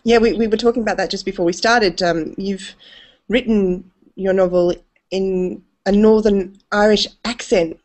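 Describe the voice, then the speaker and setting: A woman's voice: medium pitch, a little mellow. A woman interviewing an author over a video call, asking questions with enthusiasm. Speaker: festival interviewer.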